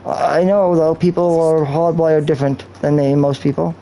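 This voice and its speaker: A man's voice: fairly high pitch, steady tone, moderate pace, mellow, a little hiss or hum, poor audio. A man live-streaming a video game, talking in a rambling, profane, off-topic way into a cheap microphone. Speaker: gaming streamer. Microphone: cheap streaming mic.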